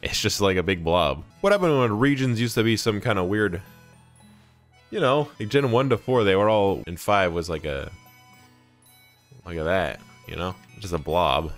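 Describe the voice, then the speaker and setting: A young man giving jokey, animated let's play commentary, often breaking into laughs. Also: deep voice, moderate pace, soft background music. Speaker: gaming YouTuber.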